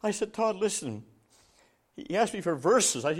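Male evangelist, high-pitched voice; storytelling sermon that builds to emphatic, loud preaching. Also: very animated, normal speed, husky. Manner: laughs while telling stories; acts out dialogue with rising voice.

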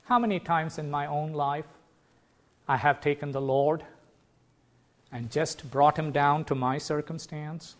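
A man preaching a sermon, earnest and emphatic, slowing down to stress key words. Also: fairly high pitch, fairly even intonation.

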